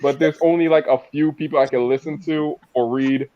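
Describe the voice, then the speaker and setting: A man's voice: on the high side, fairly even intonation, brisk, warm tone, no echo, muffled recording. A man on a comedy panel, chatting casually and jokingly, often stammering and restarting. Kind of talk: casual chat. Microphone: video call.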